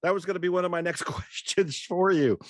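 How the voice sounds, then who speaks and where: A man interviewing a guest in casual conversation, affirming with soft murmured responses. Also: high-pitched, a little fast, no room sound, studio quality.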